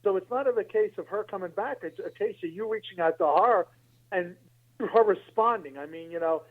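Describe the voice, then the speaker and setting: A man's voice: sits high, moderate pace. A man co-hosting a podcast, talking in a rambling way full of "you know", over a tinny, phone-like line. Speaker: podcast co-host. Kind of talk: casual chat.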